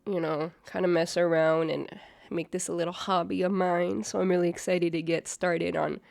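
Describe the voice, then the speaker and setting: Her voice sits on the low side, creaky and a little mellow, with a level tone at normal speed, in a dry recording. The young woman host, a bit nasal from a cold, offers casual, judgmental commentary on a reaction video, full of fillers.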